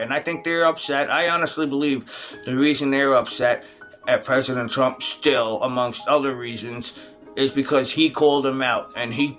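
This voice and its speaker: A man's voice: medium pitch, fairly bright tone, muffled recording. Guy ranting to camera, swears a lot, calls everyone folks, bit of music behind. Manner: profane, heated, addresses the audience as folks. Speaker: vlogger. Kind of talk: casual political rant.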